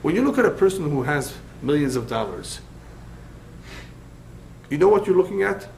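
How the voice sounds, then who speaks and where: Middle-aged rabbi lecturing, punchy, repeats himself for emphasis, plain mid voice. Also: male voice, mid-range voice, moderate pace, creaky, slight background noise, poor audio. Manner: emphatic, repeats key phrases; lively storyteller. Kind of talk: Torah study lecture.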